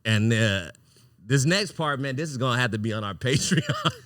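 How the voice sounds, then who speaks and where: A man hosting a podcast, telling a long story in a casual, animated way, swearing freely and acting out what people said. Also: medium pitch, normal speed, no room sound, clean studio sound. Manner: animated, profane, acts out quoted lines. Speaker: podcast host.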